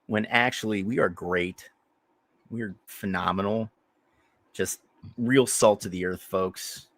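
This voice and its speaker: Low-voiced man riffing crude jokes. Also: slow pace, no echo. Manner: crude joking riffs, laughing. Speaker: podcast co-host. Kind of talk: casual chat.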